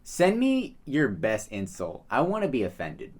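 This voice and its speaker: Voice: mid-range voice, wildly swooping pitch, measured pace, a little mellow. A podcast co-host in casual chat, telling loose, profane stories and laughing through them.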